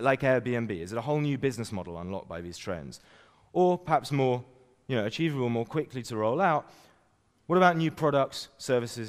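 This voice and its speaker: A man giving an energetic business keynote at a conference, tagging his points with "right?" and "you know". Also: mid-range voice, in a large hall. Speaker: conference speaker. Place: conference stage.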